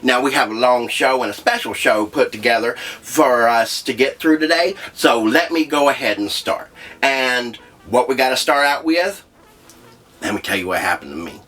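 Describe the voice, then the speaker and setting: An actor playing a crude, rambling trailer park leader who hosts a comedy show, with a profane way of talking. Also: male voice, medium pitch, lively intonation, normal speed, sharp tone. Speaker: comedy show host character. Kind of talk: scripted comedy monologue.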